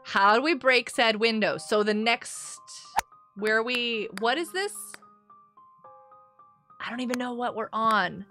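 A young woman chatting excitedly with viewers as she streams a game. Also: on the high side, slow, pauses often. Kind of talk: live gameplay commentary. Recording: game music behind. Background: game music.

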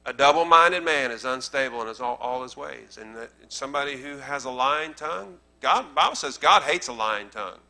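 Emphatic Southern preacher with a bright voice. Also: male voice, mid-range voice, animated, fairly quick, creaky, hardly any pauses. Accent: Southern American. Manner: conversational preaching that swells into emphatic repetition. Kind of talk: sermon. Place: church sanctuary.

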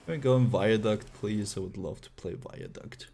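A man's voice: fairly low pitch, moderate pace, gravelly, dark tone, husky. A man streaming live gameplay, playfully chatting with viewers and laughing often.

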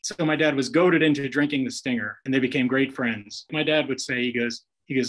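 A man's voice: mid-range voice, a little fast, few pauses, fairly bright tone, low-quality recording. A man swaps stories over a video call in a folksy, homespun way. He keeps slipping into the voices of the people he quotes. The sound has the plain feel of a call mic. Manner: folksy anecdotes with acted-out quotes. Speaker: guest author telling stories.

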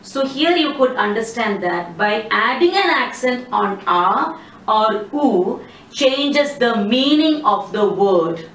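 Female language teacher, slow and methodical, set back from the mic. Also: fairly high pitch, a bit bright, distant mic. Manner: slow, careful explaining with hesitant phrasing. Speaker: French teacher. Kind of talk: explanatory online lesson. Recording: echoey room, voice set back from the mic, faint background noise.

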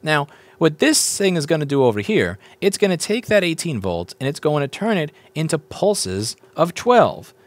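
Animated man explaining circuit repair. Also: on the high side, normal speed. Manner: keeps asking viewers rhetorical questions; explains step by step, repeats points. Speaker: board repair instructor. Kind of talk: casual technical walkthrough.

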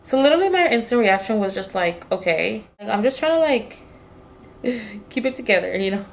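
Animated woman telling a work story. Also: brisk. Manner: animated, acts out the customer's lines with raised pitch; swears casually, addresses viewers as "you guys". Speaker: beauty vlogger telling a story. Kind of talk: casual storytime while doing makeup.

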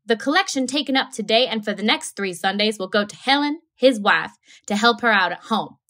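A stern preacher man, as a woman reading aloud plays him, making formal announcements to his flock. He speaks up a touch louder and more carefully than the plain telling, and the voice sits fairly high. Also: expressive, fairly quick.

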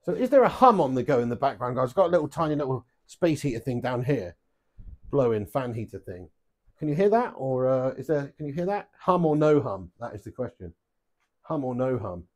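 During a live darts stream, a man with a brisk, mid-range voice chats with his viewers, swearing frequently and breaking into excitable outbursts as he throws.

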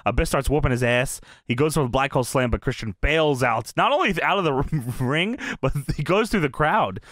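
A man co-hosting a podcast, excitedly recapping a wrestling show in casual chat, laughing often and swearing freely. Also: medium pitch, normal speed, dry recording, studio quality. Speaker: podcast co-host.

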